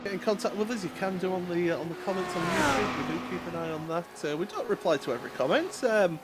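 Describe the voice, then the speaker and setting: Over race car engine noise, a man commentates a sim racing stream live in a high, expressive voice at a quick pace. He's chatty, full of fillers, and laughs easily.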